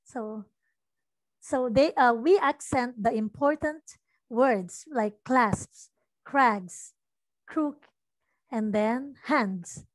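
High-voiced woman teaching slowly. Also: no room sound. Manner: patient, repeats lines slowly to model stress. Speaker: English teacher. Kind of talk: online tutoring lesson.

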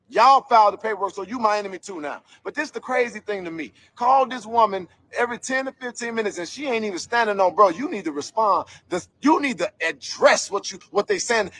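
Guy ranting hard on his vlog, cussing a lot, kinda high voice, heated. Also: a bit bright, dry recording. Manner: heated, profane, emphatic ranting. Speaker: commentator investigating a local scandal. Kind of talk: angry vlog commentary rant.

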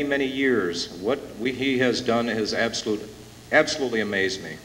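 A man emceeing a conference, introducing the keynote speaker with rising emotion. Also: mid-range voice. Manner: emotional, building to loud announcements. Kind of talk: impassioned rally introduction. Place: conference hall with a live audience. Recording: echoey hall from far off, hissy tape.

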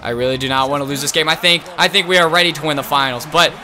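High, bright-voiced young gamer man. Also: racing. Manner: swings between muttering and excited shouting. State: nervous, voice strained. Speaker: gaming YouTuber. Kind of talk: live gameplay commentary.

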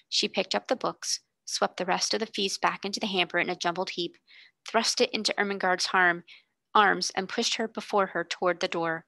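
Woman tutor, storybook reader, bright dry voice. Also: fairly low pitch, fairly even intonation, normal speed, gravelly, no room sound. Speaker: tutor reading aloud. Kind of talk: reading a classic novel aloud.

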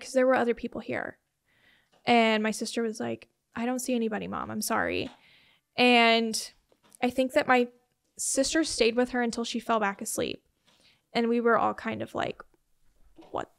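A woman's voice: on the high side, a bit bright. Young woman telling a personal story, chatty. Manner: conversational, many "like" and "um" fillers, quotes family members in retelling. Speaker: interview guest. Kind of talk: personal storytelling in a sit-down interview.

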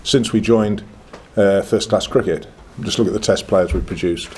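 Older northern English man at a press conference, blunt and plain-spoken, low-pitched, light background noise. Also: moderate pace, darkish tone. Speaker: cricket club chairman.

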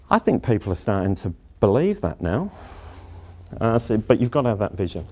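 Middle-aged guy lecturing, low mellow voice, blunt and informal, hammers the same points over and over. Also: lively intonation, a little fast. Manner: emphatic, repeats key phrases, blunt and informal. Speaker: university leader giving a lecture. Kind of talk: workplace lecture.

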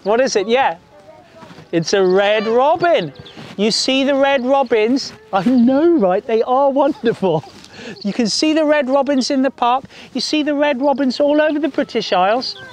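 A man telling stories to a group of children in a park, in a lively sing-song way, coaxing them to join in. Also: very high-pitched. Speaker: children's storyteller. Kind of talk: storytelling to children outdoors. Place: outdoors in a park.

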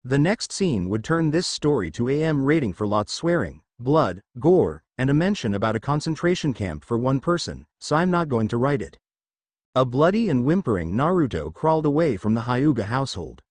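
A man's voice: medium pitch, very animated, normal speed, darkish tone, no room sound. A man reading fan fiction aloud as narrator. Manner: reads all the figures himself. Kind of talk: story narration.

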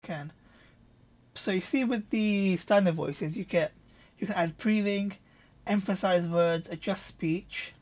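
A man reviewing software in a casual, off-the-cuff demo, thinking aloud with quick asides. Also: high-pitched. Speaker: product reviewer.

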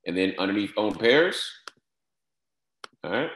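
A man with a very low, deep voice talks through a screen-share tutorial one step at a time, spelling out entries and repeating short cues. The sound bounces around a bare, echoey room. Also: very animated, unhurried, a bit bright. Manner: step-by-step instructions, repeats "all right" and "no space, comma". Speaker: software trainer.

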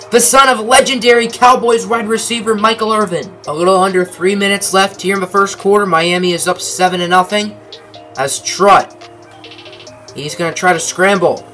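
Young male gaming host calling the action like a sportscaster; higher, bright voice with dry humor, faint music under it. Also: moderate pace. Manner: mock sportscaster delivery with dry asides. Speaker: gaming commentator. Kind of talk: play-by-play game commentary.

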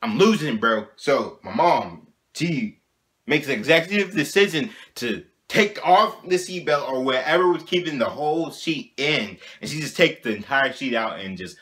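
A young man telling a childhood story in a casual vlog, animated and slangy, often checking in with "you know what I'm saying". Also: a little high, normal speed. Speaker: vlogger.

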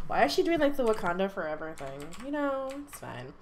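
A woman hosting a let's play, talking in an animated, emotional way and laughing often. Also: a little high, a little fast, few pauses, a little hiss or hum. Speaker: gaming channel host.

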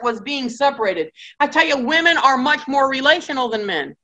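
A woman teaching a Bible study class in a lively storytelling style, acting out the people in her stories. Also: high-pitched, moderate pace, poor audio. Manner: acts out characters' voices in quotes.

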